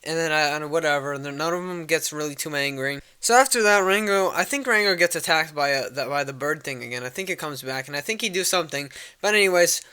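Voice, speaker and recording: A man's voice: fairly high pitch, quick pace, hardly any pauses, bright, forceful tone, clear, resonant tone. A young man casually recapping a movie plot, rambling with lots of fillers and swearing. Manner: rambling, filler-heavy and profane. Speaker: vlogger.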